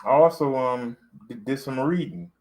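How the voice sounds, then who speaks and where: A man's voice: mid-range voice, animated, moderate pace, a little mellow, poor audio. Rambling man vlogging in casual talk. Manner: rambling, conversational, with fillers and repeats.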